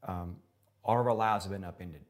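Low-voiced man preaching emphatically. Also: moderate pace. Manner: emphatic, repeats words for effect. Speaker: pastor. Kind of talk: sermon.

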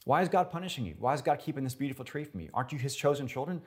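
A man's voice: medium pitch, animated, very fast, voice pushed up, natural voice. A man voicing the devil as a sly male tempter, needling his listener with mocking questions. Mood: taunting.

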